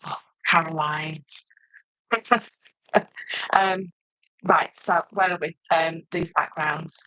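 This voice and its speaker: A middle-aged woman, chatting loudly and laughing often as she presents paper crafts on a live stream. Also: fairly low pitch, takes it slowly, pauses often, dry recording, poor audio. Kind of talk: casual live stream chat.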